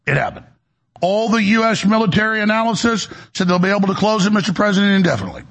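A talk show host rants through a heated political commentary monologue, stammering and restarting in a raspy, gravelly voice. He talks fast, and his voice is high, expressive, and a bit bright.

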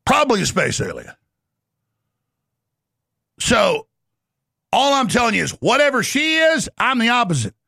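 A man hosting a talk show, delivering an excitable rapid-fire ranting monologue with frequent shouting. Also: extremely high pitch, creaky, no echo, clean studio sound.

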